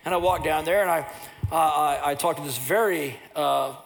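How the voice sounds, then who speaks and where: A pastor preaching a sermon, telling personal stories, and at times rising into loud impassioned preaching. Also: male voice, fairly high pitch, moderate pace, creaky, a little hiss or hum.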